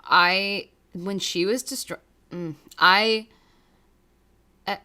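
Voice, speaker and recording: Bright-voiced woman recapping, rambling and emotional. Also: medium pitch, steady tone, drawn-out words, clean tone. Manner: emotional, rambling, swears freely. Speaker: podcast co-host. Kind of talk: casual recap chat.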